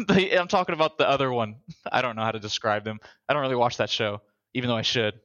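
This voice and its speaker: Man, bright slightly high voice, dry close sound, casual rambling chat, animated. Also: fast talker, no echo, dull audio. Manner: rambling, animated storyteller who overthinks aloud.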